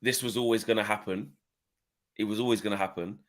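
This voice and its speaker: Lowish-voiced man chatting football. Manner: rambling, animated, quick to laugh. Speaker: football podcast co-host. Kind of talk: casual football chat.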